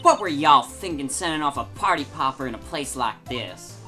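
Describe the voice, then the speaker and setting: A woman's voice: a bass voice, animated, moderate pace, faint music behind, exaggerated voice. A woman putting on a feisty country photographer gal. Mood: sassy scolding. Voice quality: put-on country drawl, loud and scolding. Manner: forceful, indignant.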